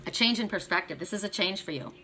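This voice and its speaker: Middle-aged woman reading oracle cards, bright clear voice, chatty and upbeat, faint room noise behind. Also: medium pitch, lively intonation, fast. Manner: chatty and encouraging, talks straight to the viewer. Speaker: tarot and oracle card reader. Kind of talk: oracle card reading for viewers.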